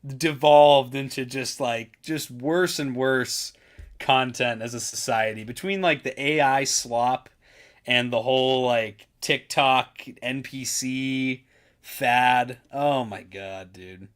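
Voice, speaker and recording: A man's voice: medium pitch, slow pace. A man hosting a live stream, talking casually and loosely with lots of "dude" and "like". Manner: laid-back, chatty, full of fillers like "dude".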